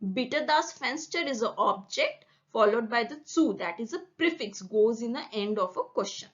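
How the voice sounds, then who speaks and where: A woman's voice: on the high side, expressive, normal speed, lo-fi sound. A woman teaching a German grammar lesson, explaining carefully and repeating example words so they can be drilled.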